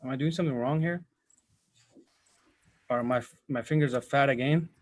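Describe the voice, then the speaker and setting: A man's voice: mid-range voice, normal speed. A man teaching a live IT training session, talking casually to his students, often rambling and correcting himself mid-sentence. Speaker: IT instructor. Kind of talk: live software training walkthrough.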